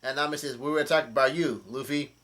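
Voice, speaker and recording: A man casually recapping a comic chapter, reading quoted lines aloud in a halting, hesitant way. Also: medium pitch, fairly even intonation, fairly bright tone. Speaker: manga chapter reviewer.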